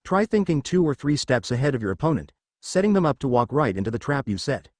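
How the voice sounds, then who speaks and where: A man voicing a lazy, sharp-minded teenage boy strategist in a story reading, with a calm, dry, unhurried manner. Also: mid-range voice, no room sound.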